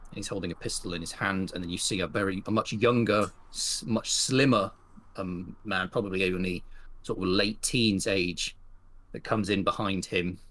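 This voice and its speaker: A man narrating a western tabletop game as game master, rambling through his scenes with many fillers. His voice sits on the low side. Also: fairly even intonation, moderate pace, a bit bright.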